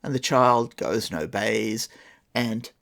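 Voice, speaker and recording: Male podcast host, gravelly, dry and sarcastic while retelling a folktale. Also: medium pitch, slow pace, fairly bright tone. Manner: wry, sarcastic asides. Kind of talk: casual storytelling with commentary.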